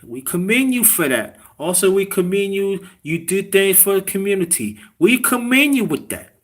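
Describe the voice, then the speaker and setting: A man's voice: high-pitched, animated, normal speed. A man hosting a casual livestream, preaching relationship advice to his chat and dropping to a whisper for emphasis. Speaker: livestream host.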